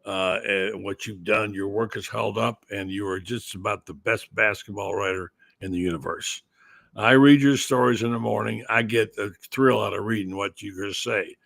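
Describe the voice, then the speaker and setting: An older man hosting a sports talk show, chatting casually and telling folksy stories in drawn-out phrases. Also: lowish voice, fairly even intonation, vocal fry, fairly bright tone, no room sound. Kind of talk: casual chat.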